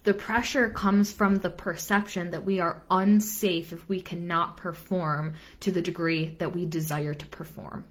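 A woman's voice: fairly low pitch, steady tone, unhurried, hardly any pauses. A young adult woman business coach giving an earnest live-stream talk, repeating phrases for emphasis and dropping casual asides.

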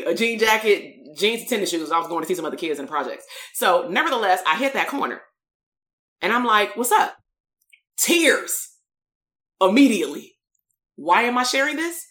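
A woman's voice: medium pitch, fairly bright tone, roomy sound. A middle-aged woman who is a therapist and business coach, telling a candid story to a live audience in a blunt, streetwise way and swearing freely.

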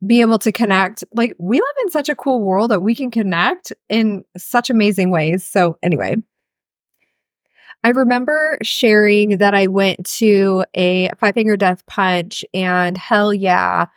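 A woman's voice: mid-range voice, unhurried, dry recording, clean studio sound. A woman in her thirties hosting a podcast as a healer coach, talking casually and frankly, cussing freely. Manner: chatty, frank, cusses freely. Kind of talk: casual solo podcast talk.

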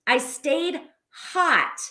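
Animated woman giving a motivational talk. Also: high-pitched, extremely slow, echoey room. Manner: animated, addresses listeners as friends. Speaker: co-host of a live show. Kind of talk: motivational live-stream chat.

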